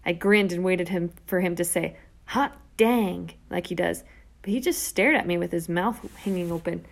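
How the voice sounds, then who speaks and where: A woman reading a first-person children's novel aloud, lively and character-driven, with whispered asides. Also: fairly low pitch, normal speed, gravelly. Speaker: audiobook narrator. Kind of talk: first-person storybook narration.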